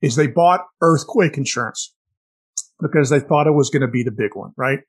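Husky, animated man telling sales stories. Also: medium pitch, moderate pace. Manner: animated, storytelling, frequent restarts. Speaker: podcast co-host. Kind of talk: casual sales chat.

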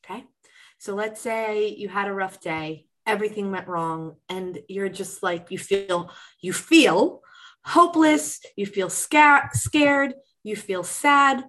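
A woman talking as a guest on a podcast, warm coaching chat that acts out inner voices with lively shifts. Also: mid-range voice, slow, low-quality recording. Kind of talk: casual interview chat.

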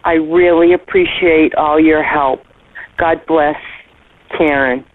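Slow-spoken woman on a tinny phone line. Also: sits low, steady tone. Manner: slow, earnest storytelling with soft pauses. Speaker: listener leaving voicemail feedback. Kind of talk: heartfelt personal story.

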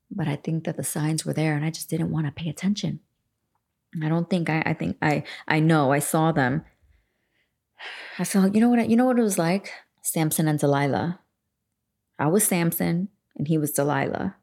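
A woman in her forties hosts a self-help podcast from home, talking in a loose, rambling, candid way and swearing without a pause. Her voice sits a little low, with a gravelly, husky texture. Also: a little mellow. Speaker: podcast host. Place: home room facing a lake.

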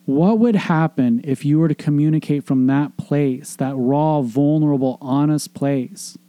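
A man's voice: a little high, a little slow, dark tone, clear, resonant tone, no room sound. A middle-aged man hosting a show, giving an earnest, emphatic motivational monologue on relationships, with casual swearing and repeated phrases. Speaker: podcast host, relationship coach.

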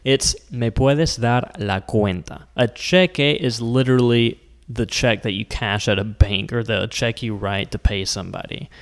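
A man from the United States teaching Spanish words in a patient, explaining lesson, slowing down to spell out each word. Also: mid-range voice, in a large hall. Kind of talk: scripted language lesson.

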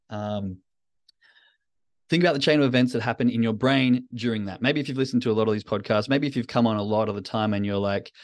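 A man in a casual motivational talk, addressing his audience directly in a candid, coaching way. His voice sits at an ordinary middle pitch for a man. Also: quick pace. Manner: candid, coaching, speaks straight to listeners. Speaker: podcast host.

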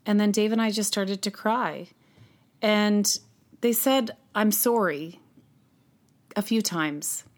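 A mother recounting her own story as an interview guest, earnest and halting with frequent restarts. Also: mid-range voice. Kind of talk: personal storytelling in conversation.

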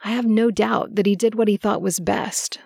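A woman voicing a wise, motherly female seer over a century old, speaking calmly. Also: mid-range voice, normal speed, vocal fry, husky, no room sound, studio quality. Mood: soothing.

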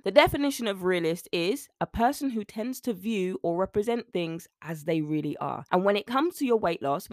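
A woman's voice: on the low side, dry recording, clean studio sound. A woman nutrition coach giving a podcast monologue, emphatic and building her points in rhythmic repeated lists. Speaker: weight-loss nutrition coach.

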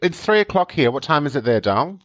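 A man's voice: fairly high pitch, big pitch swings, fast talker, fairly bright tone. A man co-hosting a podcast, chatting in a camp, playful way. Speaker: podcast co-host. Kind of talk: casual chat.

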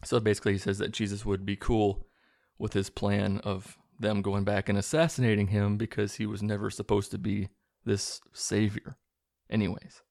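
A man with a low, gravelly voice talks through a film's plot in a loose, sarcastic way and slips into quick impressions of the characters. The sound is dry and close, with no room around it. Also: level tone, darkish tone, no echo. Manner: sarcastic, acts out characters' lines in quick bits. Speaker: movie reviewer recapping a film. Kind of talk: casual film recap.

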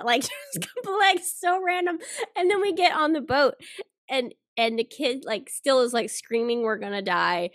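A woman's voice: a little high, no echo, studio quality. A woman from the American South with a Southern accent, telling stories on a casual podcast and laughing often. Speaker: podcast co-host.

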